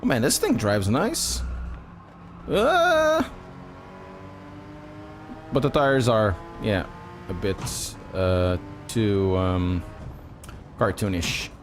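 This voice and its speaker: A Portuguese man with a Portuguese accent live-streams a racing game, chatting with his viewers and swearing freely. His lowish voice swings widely in pitch and moves very slowly with long pauses, while faint music plays behind him.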